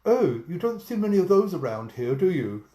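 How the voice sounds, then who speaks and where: A man's voice: high voice, sing-song, brisk, mellow, echoey room, voice pushed up. A man voicing a cheerful male wide-mouthed frog in a spoken joke. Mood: chirpy.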